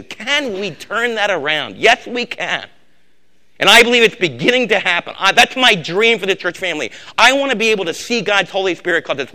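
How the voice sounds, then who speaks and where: Older male pastor, sermon delivery, sharp bright tone, slightly high, repeats key words, drops low and quiet for emphasis. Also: animated, a little fast. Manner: swings from loud exhortation to low, quiet emphasis.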